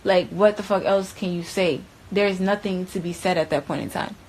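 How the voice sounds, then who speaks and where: A woman's voice: on the low side, moderate pace, a little mellow. Blunt, profane young woman telling a story. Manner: blunt, profane, filler-heavy, keeps saying bruh and like. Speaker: witness recounting an event. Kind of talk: casual first-person storytelling.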